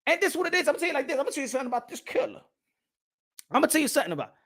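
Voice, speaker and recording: A man's voice: very high-pitched, big pitch swings, rapid-fire, a bit bright. A man from the Caribbean hosting a boxing channel, ranting bluntly and repetitively, swearing and slipping Spanish phrases into his English. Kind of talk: opinionated rant to camera.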